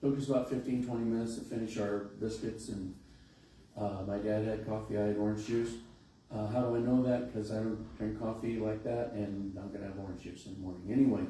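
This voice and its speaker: A middle-aged male pastor tells a folksy, conversational story during a sermon in a large church, his lowish voice steady, brisk and mellow. The recording has an echoey hall sound, a distant mic and faint hiss.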